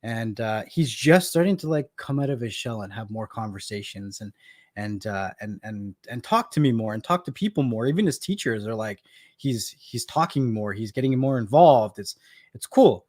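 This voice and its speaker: A Canadian in his thirties, speaking on the low side with lively intonation, normal speed and a slightly mellow tone, chats on his live stream. He's a chatty storyteller who laughs frequently and repeats words.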